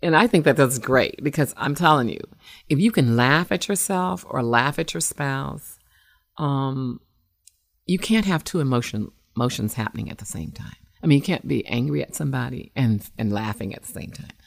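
A woman's voice: rumbling low, normal speed, gravelly. A woman hosting an internet radio show as a relationship expert, giving advice in a conversational, emphatic way with frequent fillers.

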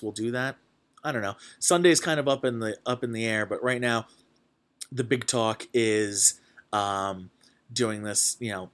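A young man hosting a podcast, chatting casually and excitedly, with lots of fillers and restarts. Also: on the low side. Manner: rambling, full of fillers, excitable. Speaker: podcast host. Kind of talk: casual chat.

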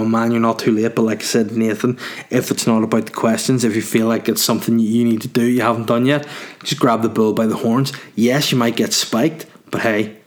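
Male podcast host, casual and crude, rambles through listener questions with jokes. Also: medium pitch. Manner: crude, joking, rambling with frequent ums. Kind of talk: casual solo podcast chat, reading listener messages.

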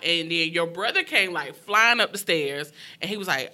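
A young woman recounting her own story in a frank, emotional conversation. Her voice is very bright and sharp. She speaks in quick, heartfelt bursts. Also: fairly low pitch, lively intonation. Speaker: guest sharing her story. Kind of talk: candid personal storytelling.

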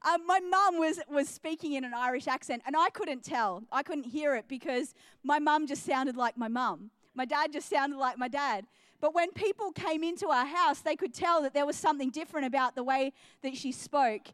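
A woman's voice: high voice, moderate pace, a bit bright, no echo. A young adult woman preaching a sermon, earnest and building to emphatic, repeated declarations. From New Zealand and Australia.

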